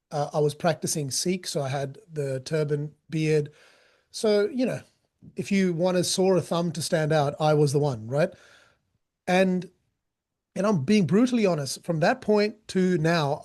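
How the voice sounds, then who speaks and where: A man's voice: fairly high pitch, normal speed, a little mellow. A man, a guest telling stories in a candid, joking, rambling way. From Australia. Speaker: guest, street interviewer. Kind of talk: casual storytelling interview.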